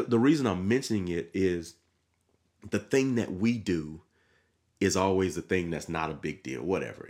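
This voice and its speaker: A man hosting a faith podcast, talking in an emphatic, repetitive preaching style with frequent restarts. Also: fairly low pitch. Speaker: podcast host.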